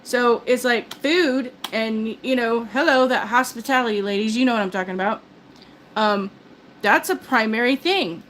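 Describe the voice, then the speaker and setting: Older woman host, talkative and rambling, a touch high-pitched, faint background noise. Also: normal speed, a bit bright, low-quality recording. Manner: chatty, self-described talker, many restarts. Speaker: live stream host. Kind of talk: casual rambling chat.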